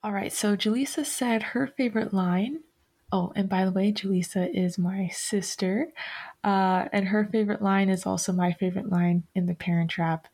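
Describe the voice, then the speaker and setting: A woman's voice: mid-range voice, fairly even intonation, moderate pace, darkish tone. A woman hosting a podcast in casual chat, rambling and correcting herself often, with many fillers. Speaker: podcast host.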